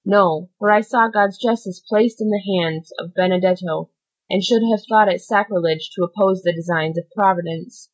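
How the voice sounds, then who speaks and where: A woman voicing a stern, solemn male priest who speaks in a grave, measured, admonishing way. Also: medium pitch, muffled recording, close to an everyday voice.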